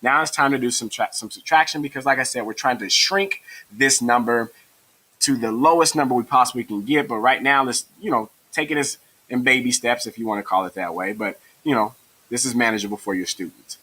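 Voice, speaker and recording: A male math teacher leads a tutorial lesson with a bright, sharp-edged tone. He walks through each step patiently and keeps the mood encouraging. His voice sits at an ordinary middle pitch. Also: brisk, poor audio.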